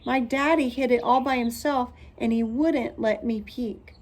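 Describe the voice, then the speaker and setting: A woman's voice: fairly high pitch, steady tone, measured pace, darkish tone, slight background noise, natural voice. A woman voicing a spoiled, prissy rich first-grade girl who talks in a whiny, showy way in a storybook reading.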